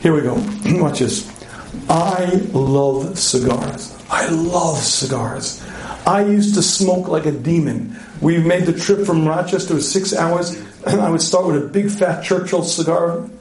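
Guy doing a marriage seminar, jokey and lively, kinda high voice, echoey hall. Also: takes it slowly. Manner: animated, joking, frequent throat clearing. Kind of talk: live seminar talk to an audience.

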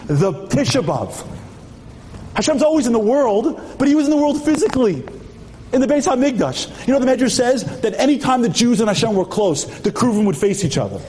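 A man's voice: very high voice, very animated, a little mellow, a little hiss or hum. A man giving a storytelling sermon with humor at a memorial tribute, emphatic, asking rhetorical questions and acting out dialogue. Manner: acts out dialogue with quick shifts of voice.

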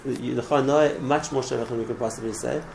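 A man's voice: mid-range voice, steady tone, fast, creaky, darkish tone, a little hiss or hum, rough recording. A man teaching a religious class in an earnest way, often repeating words and restarting his phrases. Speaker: Torah teacher.

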